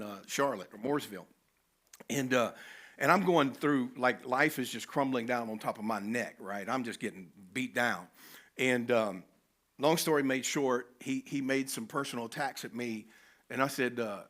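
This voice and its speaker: A man's voice: medium pitch, normal speed, fairly bright tone. A man, telling a personal story animatedly as a conference speaker. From North Carolina, US. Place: conference venue.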